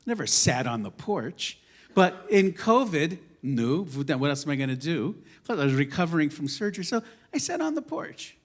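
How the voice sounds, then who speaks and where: Impassioned man preaching, lively high voice. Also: normal speed. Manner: impassioned, emphatic, swinging between loud declarations and quiet asides; conversational storytelling with self-deprecating humor. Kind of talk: sermon. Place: synagogue sanctuary.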